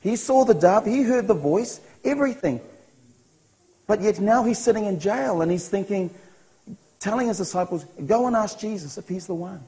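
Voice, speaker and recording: A man with a New Zealand accent tells his personal testimony as a sermon, earnestly acting out his own thoughts and chuckling at himself. His high voice is warm with lively intonation at normal speed, though the recording is low-quality.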